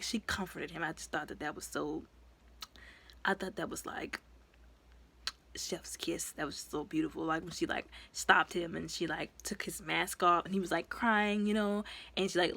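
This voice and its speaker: A woman giving a casual, rambling recap of a movie as a reviewer. She talks in a lively, expressive way, full of asides and fillers. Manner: lively and expressive, with sudden jumps in pitch and loudness.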